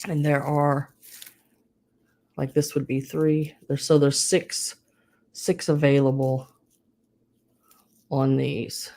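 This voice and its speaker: A woman's voice: low-pitched, little pitch movement, slow, long pauses, warm tone. A woman running a live online sale, chatting casually and calling to bidders by name. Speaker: live auction seller.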